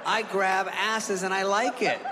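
A man putting on the voice of a shameless old-school uncle who boasts slowly and loudly about groping people. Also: sits high, level tone, crowd noise, background noise. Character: brash older male uncle who gropes people. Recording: reverberant club hall with audience.

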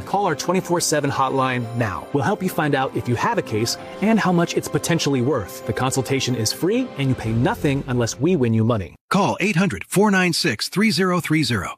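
An upbeat ad announcer. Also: male voice, fairly high pitch, big pitch swings, a little fast, over music. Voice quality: upbeat and persuasive. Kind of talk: ad read.

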